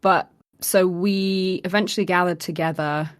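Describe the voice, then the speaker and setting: A woman's voice: lowish voice, measured pace. A woman co-hosting a podcast, chatting casually and recounting a live-action role-play event with lots of laughter and acted-out quotes. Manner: animated storyteller, acting out quotes, laughing often. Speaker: podcast co-host.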